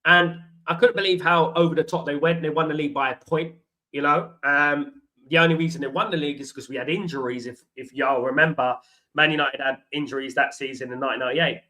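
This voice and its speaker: A man hosts a football watchalong stream, rambling through stories and calling his viewers guys and mate. His voice is bright and sits slightly high, with a loose, casual chat style. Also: fairly even intonation, fast talker, rough recording. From London. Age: 40s. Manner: chatty storytelling, addresses viewers as guys and mate. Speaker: host of a football fan watchalong.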